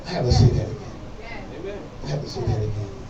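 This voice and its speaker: A man preaching a sermon as pastor, in call-and-response style that climbs into shouting. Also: medium pitch, sing-song, normal speed, recorded from a distance, highs cut off, a crowd in the background. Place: church sanctuary. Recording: echoey church room, voice from afar. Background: congregation responding, organ music.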